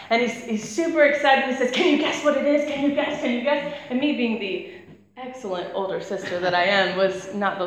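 A woman's voice: a little high, a bit bright. Chatty woman preacher in an echoey hall. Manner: chatty, laughs while telling stories. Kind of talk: conversational sermon with storytelling. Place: church hall. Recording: echoey church hall with faint noise.

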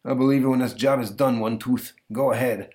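A man's voice: mid-range voice, steady tone, a little fast, darkish tone, lightly acted. A man doing a cocky comic-strip crook. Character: wary, cocky male thug.

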